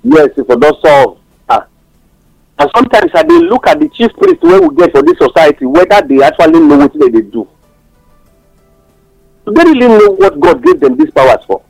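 A Nigerian-accented man talks passionately on a radio show, moving between English and Pidgin as he tells stories. His voice sits high and swings widely in pitch. It has a gravelly texture and a dry studio sound, with faint music underneath. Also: huge pitch swings, moderate pace, long pauses, a little mellow, no room sound, low-quality recording. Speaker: radio commentator. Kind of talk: animated radio talk-show commentary.

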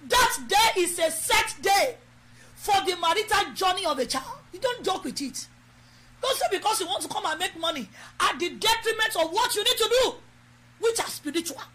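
A woman's voice: very high-pitched, a bit bright. A woman with a Nigerian accent preaching a sermon and leading prayer, emphatic and exhorting. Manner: emphatic, exhorting, switches into Yoruba. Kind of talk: sermon with prayer over a live stream.

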